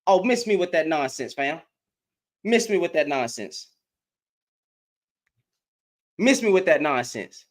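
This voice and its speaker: A man giving heated reaction commentary as an online commentator, animated and profane, repeating himself and laughing often. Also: on the high side, moderate pace. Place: in Dallas, Texas.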